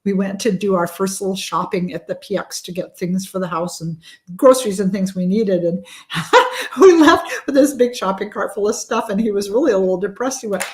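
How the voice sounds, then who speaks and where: A middle-aged woman hosting a casual chat, chatty and quick to laugh. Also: mid-range voice. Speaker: host.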